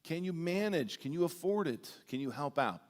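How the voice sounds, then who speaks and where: A man preaching a sermon as pastor, telling animated, humorous stories with big swings in his voice. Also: a little high, normal speed. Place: church sanctuary. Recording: long church-hall reverb.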